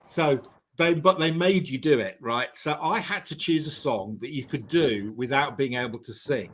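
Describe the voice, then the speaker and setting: A man's voice: medium pitch, normal speed, a bit bright, breathy edge. A man chatting casually on a geek talk stream, telling stories with plenty of fillers like um and you know. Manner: chatty storyteller, lots of fillers. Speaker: panelist on a geeky chat stream. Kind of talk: casual chat.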